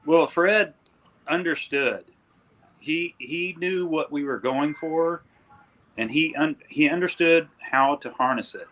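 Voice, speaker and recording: Bright-voiced man speaking with thoughtful hesitation. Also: fairly high pitch, slow pace. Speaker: band member, guest. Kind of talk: casual chat.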